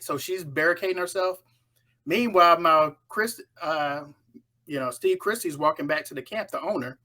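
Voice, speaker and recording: A woman casually recapping a horror film in an animated way, acting out the characters' lines as she goes. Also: fairly low pitch, moderate pace.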